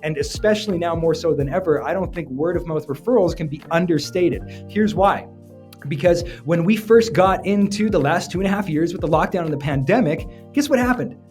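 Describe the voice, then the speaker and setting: A man, an entrepreneur giving energetic, joking business advice straight to camera. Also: a little high. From Canada. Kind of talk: motivational business talk to camera.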